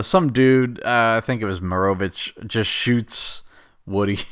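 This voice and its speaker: A man's voice: fairly low pitch, fairly bright tone, clean tone. A man casually recapping a film, rambling and exasperated and laughing at the plot. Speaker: show host recapping a film.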